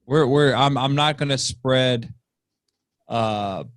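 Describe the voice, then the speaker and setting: A man's voice: medium pitch, slow pace, no echo, clean studio sound. Blunt, swearing man coach ranting. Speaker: football offensive coordinator, guest. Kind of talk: casual podcast chat. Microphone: remote call.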